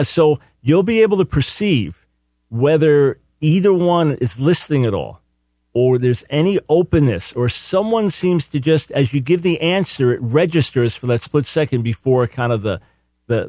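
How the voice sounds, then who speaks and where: A man's voice: mid-range voice, animated, normal speed, a little mellow, no echo, clean studio sound. A man hosting a call-in radio show, talking earnestly and emphatically, often doubling words as he starts a thought.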